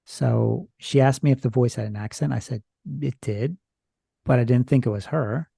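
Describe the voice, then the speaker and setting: A man's voice: medium pitch, normal speed, gravelly, dark tone, husky, dry recording, studio quality. A man who is a podcast guest, retelling a strange experience from his notes in a rambling, hesitant, casual way. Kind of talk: casual storytelling chat.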